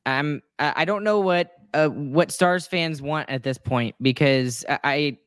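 A woman's voice: low voice, measured pace, clean tone, dry recording, clean studio sound. A woman co-hosting a sports talk show, venting her frustration in a rambling, emotional way with many restarts and apologies. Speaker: sports podcast co-host. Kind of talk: casual chat.

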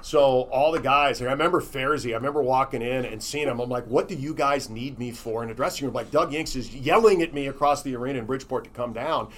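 A man who works as a hockey broadcaster, telling stories in a casual interview, chatty and quick to laugh. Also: mid-range voice, fairly bright tone.

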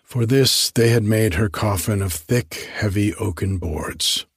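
A man reading a story aloud in a measured, earnest narration. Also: fairly low pitch, slightly rough, no echo.

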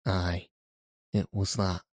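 A man's voice: deep voice, flat delivery, takes it slowly, darkish tone, no echo, exaggerated voice. A man voicing a crabbed old male gardener with a broad Yorkshire dialect, blunt and dry. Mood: gruff. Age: older.

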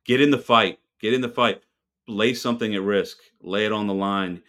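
Blunt, fired-up man with a low voice. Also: moderate pace, a bit bright. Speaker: restaurant owner, guest. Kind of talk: casual podcast interview.

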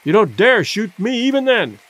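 A man playing a bold young gentleman. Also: high voice, big pitch swings, normal speed, voice pushed up, full character voice. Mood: defiant.

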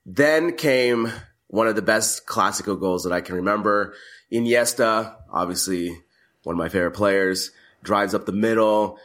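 A man co-hosting a casual sports podcast, telling a lively story with frequent restarts and fillers. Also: on the low side, normal speed. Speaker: podcast co-host. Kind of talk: casual chat. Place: lives in Madrid.

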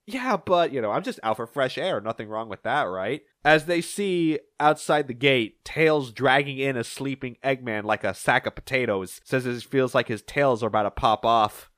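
A young man hosting a podcast, recapping comic issues and acting out the characters' lines in quick shifting voices. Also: no room sound, clean studio sound. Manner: animated, acts out characters' lines in shifting pitch. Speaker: podcast host.

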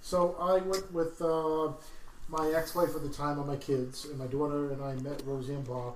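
A man's voice: a little high, moderate pace. Man sounding distant in a roomy space. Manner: relaxed, reminiscing, asks questions. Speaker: podcast guest. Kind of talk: casual chat. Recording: roomy, distant mic, faint background noise.

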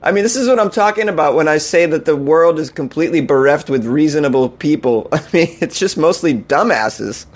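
A man's voice: a little high, animated, a little fast, hardly any pauses. Laughing, incredulous male comedy host. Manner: mocking, incredulous, laughs often. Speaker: host of a comedy news segment. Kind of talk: comedic news commentary.

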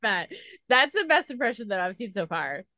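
A woman's voice: medium pitch, big pitch swings, moderate pace, pushed and bright, no echo, studio quality. A woman hosting a casual interview, gushing like a devoted fan as she asks her questions. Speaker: interviewer, host.

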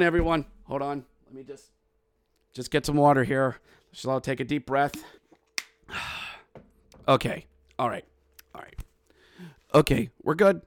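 A man hosting a hockey podcast, recapping a game with animated play-by-play and bursts of yelling. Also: mid-range voice, no room sound, clean studio sound. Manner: animated, yells play-by-play with goal calls. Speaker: podcast host.

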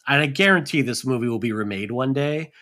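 A man's voice: medium pitch, fairly quick, sharp tone. A man co-hosting a podcast, chatting casually about a film and rambling with lots of filler words. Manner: rambling, lots of "like" and "you know". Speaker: podcast co-host.

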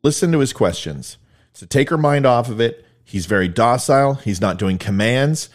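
A man's voice: medium pitch, expressive, normal speed. A man giving blunt, emphatic video commentary, explaining events step by step. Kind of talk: video commentary on police footage.

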